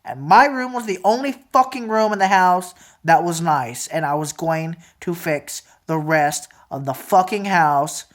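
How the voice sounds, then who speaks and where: A woman in her twenties venting angrily to camera in a profane, repetitive rant that sometimes drops to a low mutter. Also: measured pace, hardly any pauses. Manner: angry, profane ranting; repeats phrases, drops to a low mutter at times. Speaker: vlogger. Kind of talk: emotional venting monologue.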